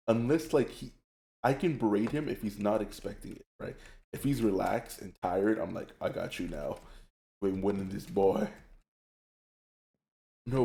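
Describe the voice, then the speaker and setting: Young guy streaming, rambly storytelling, laughs a lot, kinda warm tone. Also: medium pitch, echoey room. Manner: animated storytelling, laughs often, rambling restarts. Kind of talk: casual chat while gaming.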